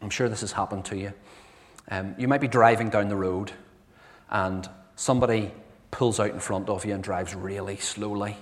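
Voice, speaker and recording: A man's voice: on the low side, fairly even intonation, moderate pace. A man preaching a sermon in a conversational, earnest way in a church. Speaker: pastor. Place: church sanctuary. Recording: long reverb from a church hall.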